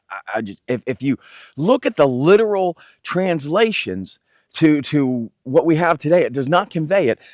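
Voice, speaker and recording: Animated, halting male Bible teacher. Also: medium pitch, no room sound, studio quality. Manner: halting, repeats words and restarts phrases. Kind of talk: conversational scripture teaching.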